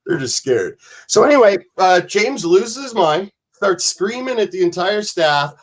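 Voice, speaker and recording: A podcast guest with a high male voice and moderate pace rambles through profane backstage anecdotes, animatedly performing the quoted lines of the people in them.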